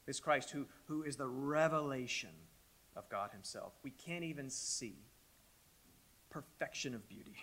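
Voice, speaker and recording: A middle-aged man preaching a sermon as pastor, emphatic and repetitive, dropping his voice very low at the ends of phrases. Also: a little slow, a bit bright. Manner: emphatic preaching, repeats words, drops to near-whisper at phrase ends.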